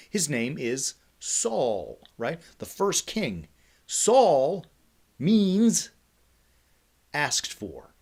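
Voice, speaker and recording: A man hosting a faith ministry livestream, teaching in a lively, conversational way and often checking in with "right?". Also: medium pitch. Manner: energetic, conversational, with frequent "right?" asides. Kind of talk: casual teaching talk.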